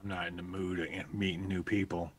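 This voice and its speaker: A man playing a weary frontier preacher who talks in a gruff, low mumble. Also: little pitch movement, a little fast, a little hiss or hum, lightly acted. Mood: grumpy.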